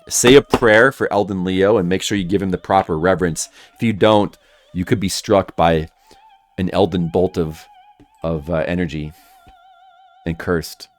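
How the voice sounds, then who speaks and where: A man streaming a video game, chatting casually and making goofy jokes to his viewers. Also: low voice. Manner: goofy, jokey, laughs often. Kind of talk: casual joking commentary over gameplay.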